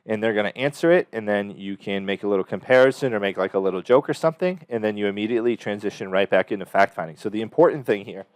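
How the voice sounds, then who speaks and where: Low-voiced man giving sales coaching. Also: fast, few pauses, clear, resonant tone, no echo, clean studio sound. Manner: emphatic, repetitive motivational delivery; acts out phone scripts in a brighter upbeat voice. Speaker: sales trainer.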